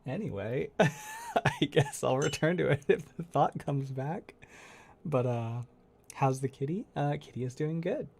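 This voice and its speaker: A man who makes ASMR content, hosting a casual livestream chat, soft-spoken and rambling, laughing often as he answers chat. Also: on the high side, wildly swooping pitch, unhurried, creaky, a little hiss or hum.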